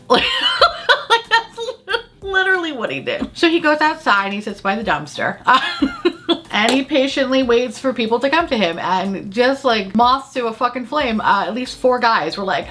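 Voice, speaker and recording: A woman's voice: fairly high pitch, very animated, normal speed, bright, forceful tone. A woman casually recapping a reality show, sarcastic, swearing freely and laughing often as she acts out quotes.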